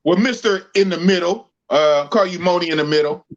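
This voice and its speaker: A man from Oakland, California, hosts a podcast with slangy, playful casual chat. His voice sits notably high. The stream audio is dull and muffled. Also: brisk. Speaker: podcast host.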